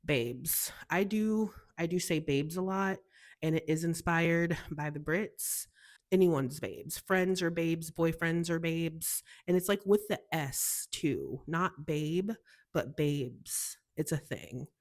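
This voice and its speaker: A young woman from the US talks in a casual, gushing way on her own show. Her voice sits low for a woman, and she sounds bubbly and chatty throughout. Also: slow pace. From United States. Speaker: podcast host. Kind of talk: casual solo chat.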